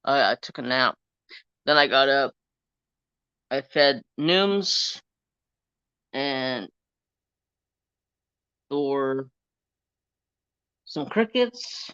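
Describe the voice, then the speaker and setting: A man's voice: mid-range voice, very slow, pauses often, bright, forceful tone, clean tone, dry recording, lo-fi sound. A man hosting a casual crafting live stream, rambling through a story and getting heated as he retells an argument.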